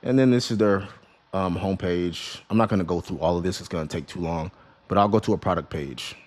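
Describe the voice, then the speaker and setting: This online business course creator has a deep voice and talks a little fast while walking through a relaxed screen-share tutorial on running an online store. His delivery is chatty, full of restarted words and repeated "right?" and "you know what I mean?" tags.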